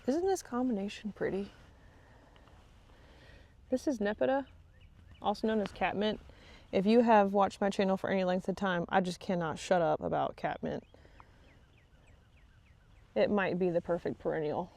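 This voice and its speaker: A woman's voice: mid-range voice, moderate pace, gravelly, long pauses, darkish tone. A woman hosting a casual gardening vlog outdoors in her garden, chatty and easily distracted, laughing often. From Texas. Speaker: gardening channel host. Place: outdoor garden on a rainy day.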